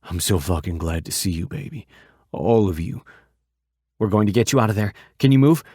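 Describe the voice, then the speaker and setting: A male narrator voicing a rugged biker man who talks low and gruff, tender toward his woman. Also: lively intonation, normal speed, a little mellow, no room sound, clean studio sound. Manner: low, gruff, rough-spoken.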